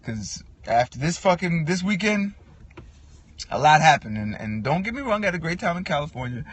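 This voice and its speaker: A man ranting in a casual, profane monologue, animated and quick to act out what others said. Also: a little high, husky. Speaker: podcast host.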